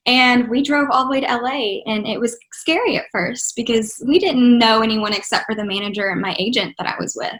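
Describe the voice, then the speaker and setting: A woman's voice: on the high side, a little fast, hardly any pauses, a bit bright. A young woman from Texas with a faint Texan accent, answering interview questions in an upbeat, enthusiastic way that is full of "you know" and "like". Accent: Texan, mostly trained out. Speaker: interview guest, actress and singer.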